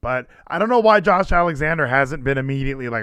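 A man hosting a casual wrestling chat, animated and chatty, laughing often. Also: mid-range voice, fast talker, smooth, dry recording. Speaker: podcast host.

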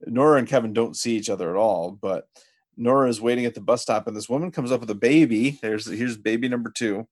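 A man hosting a casual podcast, retelling a show's plot step by step with halting restarts. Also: medium pitch, slightly rough. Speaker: podcast host. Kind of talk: casual episode recap chat.

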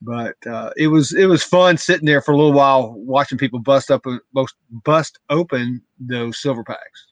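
A man in casual chat, retelling what happened in an animated way with repeated words. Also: mid-range voice, moderate pace, dry recording. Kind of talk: casual storytelling.

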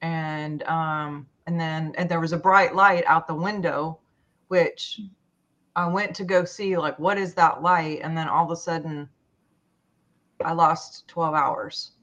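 A woman telling a personal story in a conversation, halting and full of fillers and restarts. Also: low-pitched, steady tone, fairly bright tone. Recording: dull lo-fi sound.

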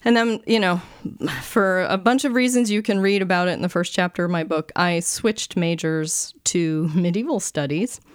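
A woman telling stories in casual chat, lively and acting out the voices she quotes. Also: on the low side, normal speed, clean tone, dry recording, clean studio sound.

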